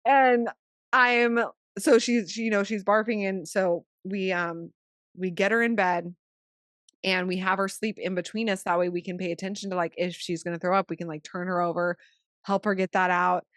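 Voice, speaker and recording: A chatty woman telling a story on a podcast, leaning on "like" constantly and swinging between hushed tones and excited bursts. Her voice sits at an ordinary middle pitch. The sound is dry and close, with no room echo. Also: moderate pace. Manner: chatty, fills speech with "like"; animated, shifting from hushed to excited. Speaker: podcast co-host; new mother. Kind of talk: casual storytelling.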